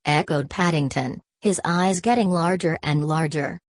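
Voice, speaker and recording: A woman reading a children's storybook aloud in a steady, even storytelling manner. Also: deep voice, a little slow, no room sound. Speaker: reader. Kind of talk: storybook narration.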